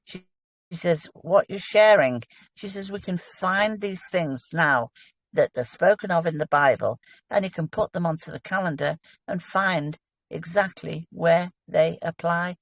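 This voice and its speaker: Lady guest chatting about faith, earnest and excited, dry close sound. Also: fairly low pitch, measured pace, dry recording. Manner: earnest, enthusiastic explaining. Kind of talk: casual religious discussion.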